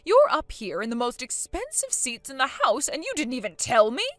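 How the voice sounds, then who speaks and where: A woman's voice: sits high, sing-song, normal speed, no room sound. A woman doing a haughty, scolding old grandma. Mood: accusing. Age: older. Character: bossy older mother-in-law, loud and self-righteous.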